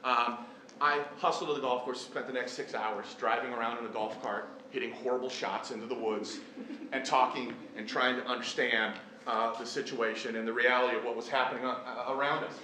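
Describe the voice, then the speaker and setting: A man's voice: medium pitch, fairly even intonation, fairly quick, pushed and bright. A middle-aged man, a teacher, tells a personal story to a live audience in an earnest, self-deprecating way. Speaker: teacher and event speaker. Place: large echoey hall. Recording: echoey hall, faint room noise.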